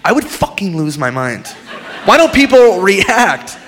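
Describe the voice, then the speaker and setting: A man's voice: sits high, a little slow. A man doing a stand-up comedy set, profane, acting out characters along the way. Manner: animated, profane, acts out characters.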